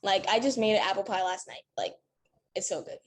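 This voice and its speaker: A woman's voice: medium pitch, fairly quick. A teenage girl answering interview questions casually, talking in a chatty way with lots of "like" and "you know". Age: teens. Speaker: interview guest.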